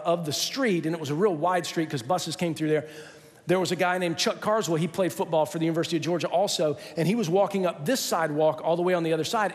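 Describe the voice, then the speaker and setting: A man preaching a sermon as pastor, telling a story with humor and acting out the voices of the people in it. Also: sits high. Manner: animated, acts out quoted voices, self-mocking humor. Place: large church sanctuary. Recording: long hall reverb.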